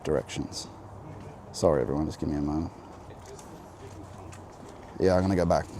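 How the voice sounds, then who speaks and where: Filming on a handheld camera, a male vlogger with a General Australian accent strolls near a road in the rain beneath an umbrella, reflecting aloud and rambling to viewers as he navigates. His bass voice keeps a fairly even intonation at a moderate pace, and a little hiss or hum is audible.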